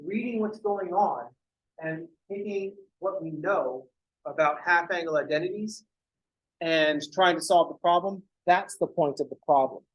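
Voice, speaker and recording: A man's voice: high-pitched, a little slow, dull audio. A man teaching math in a casual recorded lecture, joking and swearing freely.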